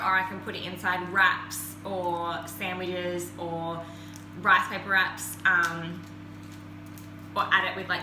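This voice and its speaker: A young woman chatting casually as she cooks, talking to the camera in a chatty, self-mocking way with quick giggles. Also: medium pitch, echoey room, heavy background noise. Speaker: cooking vlogger. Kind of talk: casual cooking chat. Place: home kitchen.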